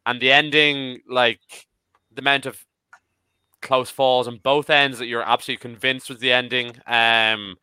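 A man of about thirty chatting as a podcast panelist, excitable and swearing casually. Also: medium pitch, normal speed, clean tone, no room sound. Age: 30s. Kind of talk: casual chat.

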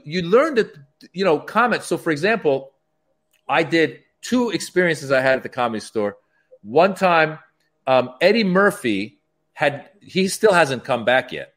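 A stand-up comedian telling stories as a guest, acting out the dialogue in raised voices. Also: male voice, a little high, measured pace. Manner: animated, acts out quoted dialogue in raised voices. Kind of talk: storytelling as a podcast guest.

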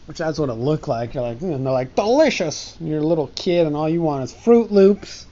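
A man's voice: on the high side, fairly quick, dark tone, muffled recording, slight background noise. A man talking to his pet ant in a casual, meandering stream-of-consciousness monologue, often breaking off and chuckling.

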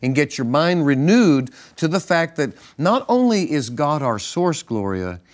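A man's voice: on the high side, unhurried. Man telling stories on a ministry broadcast. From northern United States. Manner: relaxed storytelling with restarts and chuckles. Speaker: pastor and co-host. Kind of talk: casual ministry broadcast chat.

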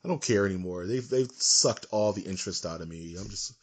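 Husky man ranting on a podcast. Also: sits low, a little fast. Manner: animated, ranting, emphatic. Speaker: podcast co-host. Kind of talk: casual chat.

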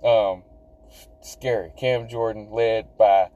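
A man's voice: on the low side, steady tone, slow pace, dark tone, rough recording. A man hosting a sports podcast, talking casually and animatedly, rambling, repeating himself and swearing as he goes. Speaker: podcast host.

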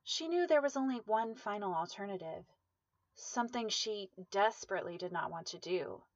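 A woman reading a dramatic story aloud in steady, measured narration. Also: medium pitch, no room sound, muffled recording.

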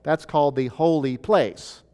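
A man's voice: on the high side, unhurried, a little mellow, clean tone, long reverb tail. A male pastor teaching a sermon from a chart, talking in a conversational way with many fillers and restarts.

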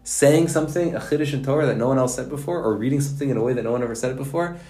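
A man teaches yeshiva students a Torah lesson, telling stories in an animated, folksy way sprinkled with Hebrew and Yiddish words. His voice is an ordinary middle pitch and his delivery rapid-fire. The sound echoes in a roomy space.

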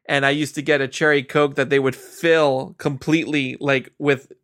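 A man co-hosting a podcast, casually chatting and teasing the others in quick bursts. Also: mid-range voice, flat delivery, fairly bright tone, no echo, clean studio sound. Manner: joking, teasing, rapid bursts. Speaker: podcast co-host. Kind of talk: casual chat.

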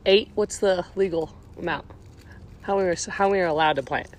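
A woman's voice: on the low side, brisk, a little hiss or hum. A playful young woman co-hosting a casual podcast outdoors, joking and laughing easily. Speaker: podcast co-host. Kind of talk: casual chat. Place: outdoors, sitting on a bucket. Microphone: handheld recorder moved between speakers.

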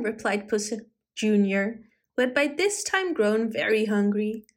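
A woman reading a children's storybook aloud in an expressive, animated manner. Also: medium pitch, measured pace.

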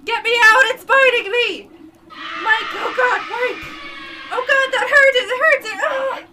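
Woman playing a terrified young man, screaming, crying out, high, noisy background. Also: slow pace. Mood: screaming terror.

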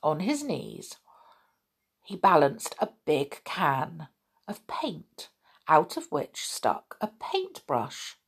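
Unhurried woman reading a children's story. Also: low voice, slightly rough. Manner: chatty, unhurried, expressive. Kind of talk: reading a children's book aloud.

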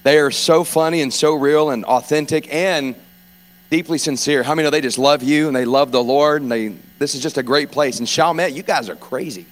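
A man in his forties from South Louisiana with a South Louisiana accent, preaching an informal, joking sermon as a guest preacher and clearing his throat often. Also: a little high, brisk. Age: 40s.

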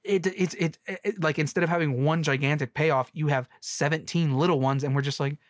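A man's voice: on the high side, fairly even intonation, a little fast, no echo. Young guy ranting about a movie, sarcastic, rambly, dry close sound. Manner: rambling, sarcastic, many restarts and mocking voices. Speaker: movie reviewer. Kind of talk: casual movie rant.

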